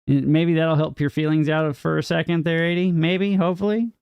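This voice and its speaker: A young man streaming a game and bantering with his chat, playful and mock-indignant. His voice is gravelly and sits a bit high, rising and falling a lot as he talks. The sound is close and dry. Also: little pitch movement, normal speed, dry recording, muffled recording. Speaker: livestreamer. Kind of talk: casual live-stream chat, reading and answering chat.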